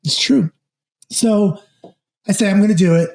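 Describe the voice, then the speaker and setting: Jokey, warm-voiced man telling stories. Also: sits high, normal speed, vocal fry. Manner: animated, jokey, self-deprecating storyteller. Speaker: podcast guest, musician. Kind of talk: casual storytelling chat.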